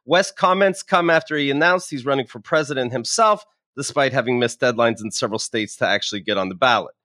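A man's voice: medium pitch, a little fast, sharp tone. A man hosting a podcast, chatting casually and reading news items aloud with a wry, teasing manner. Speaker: podcast host.

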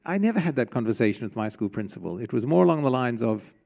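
A man's voice: mid-range voice, animated, quick pace, gravelly, mellow. A middle-aged man preaching a sermon in a church, in a conversational way, asking the congregation questions. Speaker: pastor.

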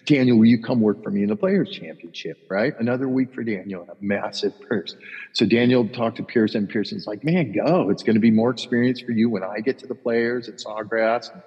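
A middle-aged man who co-hosts a podcast and works as a caddie tells a long, rambling story in casual, profane chat, acting out other people's lines. His voice is fairly low, steady, brisk, and slightly rough. The audio sounds dull and lo-fi with long reverb.

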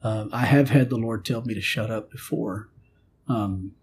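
Gravelly low-voiced pastor telling a story. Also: male voice, unhurried, a little hiss or hum. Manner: earnest preaching storyteller, acts out prayers and God's replies. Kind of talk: storytelling in a spiritual conversation.

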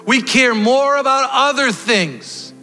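Animated preacher in an echoing hall. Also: male voice, very high-pitched, takes it slowly. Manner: animated, shouting at peaks. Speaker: pastor. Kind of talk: sermon. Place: church hall. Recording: long hall reverb, faint music.

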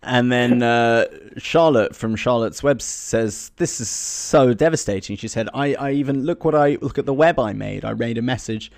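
A man's voice: medium pitch, normal speed, vocal fry, hardly any pauses. A man co-hosting a comedy podcast, improvising a silly story with a rambling, giggly delivery. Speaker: podcast co-host.

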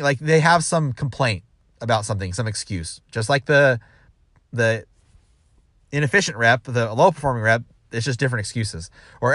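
A man's voice: medium pitch, a little fast, fairly bright tone, dry recording, clean studio sound. A man giving casual advice as a sales manager, rambling with restarts and acting out quoted dialogue.

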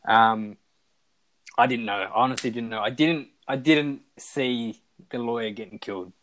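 A man's voice: medium pitch, normal speed, a bit bright, rough recording. A man, casually talking through a TV show on a podcast, rambling with lots of fillers and restarts. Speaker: podcast co-host. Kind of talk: casual chat reviewing a TV show.

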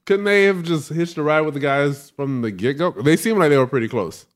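A man talking at a quick clip in a relaxed chat about a movie. He speaks plainly and bluntly, with the odd casual curse. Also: fairly high pitch. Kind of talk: casual film discussion.

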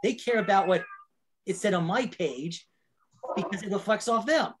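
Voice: mid-range voice, moderate pace, a little hiss or hum, rough recording. A wrestler chatting casually on a podcast, rambling with lots of fillers and swearing freely.

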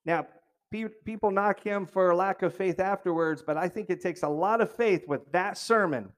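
A man's voice: high voice, moderate pace. A man preaching a sermon in a conversational way, with jokey asides and questions put to the congregation. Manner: jokey asides, restarts phrases.

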